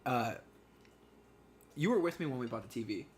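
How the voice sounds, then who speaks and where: A young man co-hosting a relaxed podcast from his apartment, telling stories with loose slang. He acts out quotes, and a faint hum sits in the background. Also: medium pitch, moderate pace. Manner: animated storytelling with slang. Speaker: podcast co-host. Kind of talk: casual chat.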